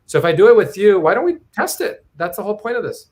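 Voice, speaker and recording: A man's voice: high-pitched, very animated, fast talker, darkish tone. A man hosting a casual live stream over a video call, chatting and thinking aloud. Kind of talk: casual chat.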